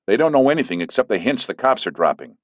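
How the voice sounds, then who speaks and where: A man's voice: mid-range voice, very animated, fast talker, dry recording, pitched above the performer's own voice. A man voicing a firm, defensive leading man. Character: firm middle-aged man, a lawyer. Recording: dull lo-fi recording.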